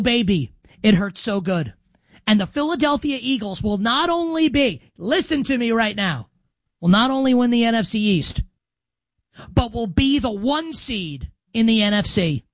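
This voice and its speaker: A man in his thirties hosting a football predictions show, brash and animated, swinging from loud to soft for emphasis. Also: high voice, moderate pace, no room sound. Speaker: sports radio host.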